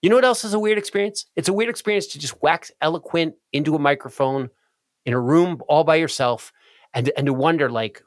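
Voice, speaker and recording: Animated man hosting a podcast, dry mic. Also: on the high side, brisk, dry recording. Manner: animated, self-interrupting storyteller. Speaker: podcast host. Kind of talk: casual conversational podcast.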